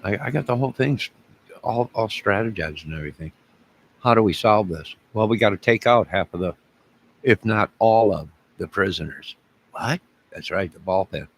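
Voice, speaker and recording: A man's voice: lowish voice, animated, normal speed, slightly rough, poor audio. A man hosting his own video channel, talking in a rambling, digressive way with frequent restarts. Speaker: YouTube channel host. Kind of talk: rambling solo vlog.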